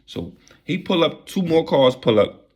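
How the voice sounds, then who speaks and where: A young man casually telling a wild story in a vlog, with animated, profane street slang. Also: on the high side, measured pace, highs cut off.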